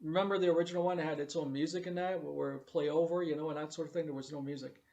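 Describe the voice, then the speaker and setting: A man's voice: a little high, steady tone, fast, a little mellow, muffled recording. A man giving a blunt, profane, repetitive review of a TV show during a casual live stream. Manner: blunt, emphatic, profane, repeats himself.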